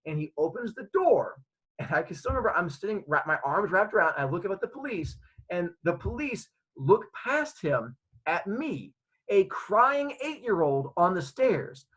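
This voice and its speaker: A man's voice: high-pitched, sing-song, moderate pace, fairly bright tone, slightly rough, rough recording. A man telling a funny story from his childhood, acting out the scenes. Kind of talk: comedic personal storytelling.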